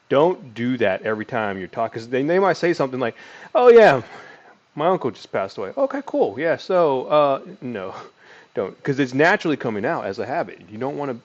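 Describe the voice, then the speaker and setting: A man teaching sales call scripts in a casual, conversational way, with deliberate filler words and a voice that swings up and down in inflection. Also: highs cut off. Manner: lively inflection, pitch rising and falling. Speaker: sales trainer. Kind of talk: casual teaching monologue with role-played call lines.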